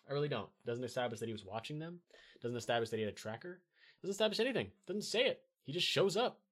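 A man hosting his own podcast, ranting about a movie in a rambling, profane way with lots of fillers. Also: on the high side. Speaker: podcast host reviewing a movie. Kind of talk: casual rant.

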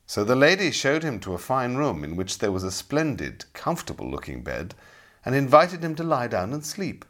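A middle-aged man narrating a storybook in an expressive, dramatic way. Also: mid-range voice, moderate pace. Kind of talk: audiobook storytelling.

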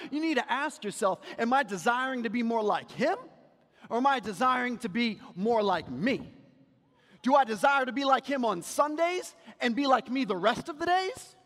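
Guy pastor preaching in a church sanctuary, chatty sermon, big hall reverb. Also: extremely high pitch. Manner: conversational preaching, drops to quiet storytelling.

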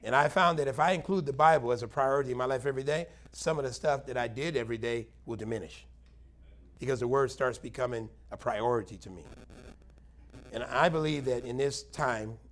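A man's voice: medium pitch, fairly quick, a bit bright. A man preaching a plain-spoken Bible teaching sermon, earnest and conversational, with emphatic bursts. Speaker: pastor.

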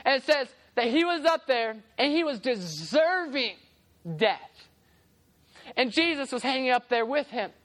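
Animated high-voiced woman preaching a sermon. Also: unhurried. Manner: animated, acts out voices in stories. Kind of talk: sermon with storytelling.

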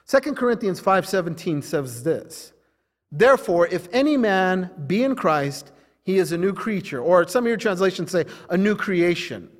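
A man's voice: sits high, animated, normal speed, long reverb tail. A man preaching a sermon as pastor to a church congregation, emphatic and repetitive, swelling and dropping in intensity. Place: church service.

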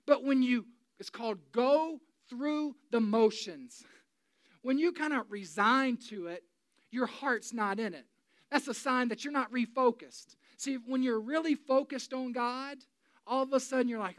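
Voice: mid-range voice, moderate pace, no room sound. Forty-something pastor preaching with big dynamic swings. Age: 40s. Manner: swings between loud preaching and hushed, confiding talk. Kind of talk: sermon. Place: church.

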